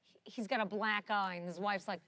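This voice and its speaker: A woman's voice: mid-range voice, fairly even intonation, fairly quick, pushed and bright, no room sound. A woman telling a joke in a chatty way, full of fillers. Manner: chatty, with fillers like "you know".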